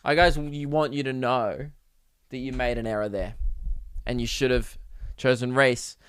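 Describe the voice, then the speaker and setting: A man's voice: medium pitch, steady tone, measured pace, a bit bright, clear, resonant tone, no echo, faint music behind. A man hosting a casual solo podcast, ranting with mock outrage and mimicking singers. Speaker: podcast host.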